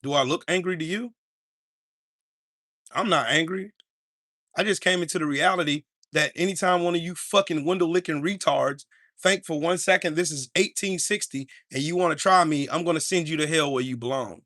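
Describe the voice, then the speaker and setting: A man's voice: a little high, normal speed, bright, forceful tone, dry recording, clean studio sound. A man hosting a live-streamed podcast, ranting in an angry, profane and confrontational way. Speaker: podcast host.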